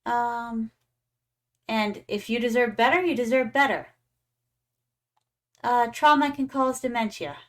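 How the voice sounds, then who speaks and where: Young adult female streamer with a slightly high voice and an easy, playful chatter toward her viewers. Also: a little slow, long pauses. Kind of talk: casual gaming stream chat.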